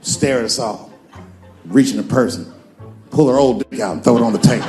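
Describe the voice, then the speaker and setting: A man's voice: medium pitch, very animated, brisk, pauses often, mellow, soft background music. Swaggering, profane male stand-up comedian. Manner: loose, profane storytelling full of acted-out quotes. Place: comedy stage before a live audience.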